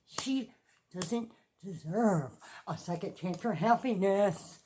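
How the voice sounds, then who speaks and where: A woman's voice: on the high side, a little hiss or hum. A middle-aged woman giving a ranting commentary vlog, swearing often and repeating her points with emphasis. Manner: profane, repetitive and emphatic. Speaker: true-crime commentary vlogger.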